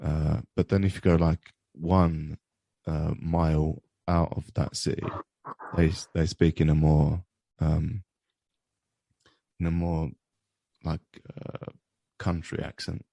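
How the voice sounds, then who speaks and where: A man from Sweden chatting casually as a podcast guest, hesitant and full of ums. His voice is very deep and gravelly. He talks slowly, in a dry, close sound. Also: little pitch movement, mellow, no room sound. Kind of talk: casual chat.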